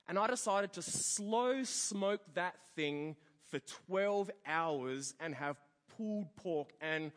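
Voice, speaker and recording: A man preaching a sermon, telling a story and acting out the people in it. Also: high-pitched. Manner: storytelling with animated quoted voices. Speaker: pastor. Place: church hall. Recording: long church hall reverb.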